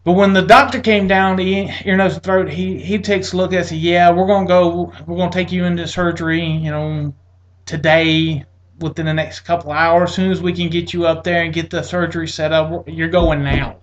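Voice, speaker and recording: A man recounts a long personal ordeal in a loose, conversational way. His frustration shows as his voice leaps up when he replays his own complaints, then sinks into quieter asides. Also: little pitch movement, moderate pace, highs cut off. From Atlanta area, United States. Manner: exasperated, acts out quotes with rising pitch. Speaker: military veteran telling his story. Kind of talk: casual personal storytelling.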